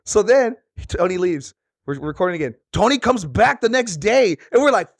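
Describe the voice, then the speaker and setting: A man in a band telling a funny studio story in casual chat, animated, laughing and swearing. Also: high voice, moderate pace, no room sound. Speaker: band member.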